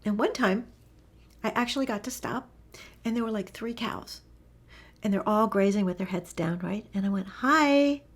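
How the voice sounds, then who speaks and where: Speaking at a moderate pace with frequent pauses, a woman gives a casual lesson about how animals communicate. Her mid-range voice keeps a fairly even intonation, yet she's enthusiastic and story-driven, often slipping into a breathy whisper.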